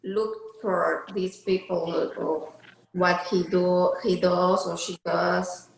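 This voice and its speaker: Halting woman student, echoey room. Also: lowish voice, flat delivery, gravelly. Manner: searches for words, halting answers. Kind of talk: class discussion. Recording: echoey room with faint noise.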